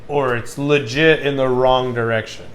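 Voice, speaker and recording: A man's voice: medium pitch, steady tone, normal speed. Laid-back rambling man. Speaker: podcast co-host. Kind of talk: casual chat.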